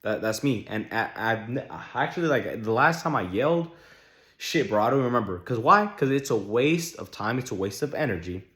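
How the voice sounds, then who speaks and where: A young man talking straight to the camera in a casual vlog, blunt and heavy on profanity. His pitch swings widely as he hammers home his points with questions. The sound carries a roomy echo. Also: lively intonation, normal speed, a bit bright. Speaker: vlogger. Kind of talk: casual relationship-advice vlog. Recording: echoey room.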